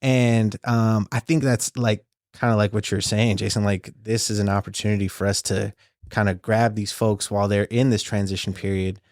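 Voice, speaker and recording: An earnest man talks on a podcast with low-pitched energy, circling back through fillers and restarts. His voice sits in a dry, close space with no room sound. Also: level tone, moderate pace, a little mellow, no echo. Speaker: guest advocate. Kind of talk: casual interview storytelling.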